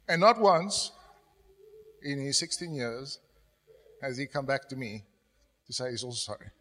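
A middle-aged man preaching a sermon as pastor, telling stories and dropping to a soft, confessional tone when he quotes himself. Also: medium pitch. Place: church hall. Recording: long church hall reverb.

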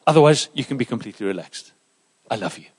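Animated man preaching in a reverberant hall. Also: mid-range voice, fast, slightly rough. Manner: animated, emphatic preaching with sudden soft asides. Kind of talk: sermon. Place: church.

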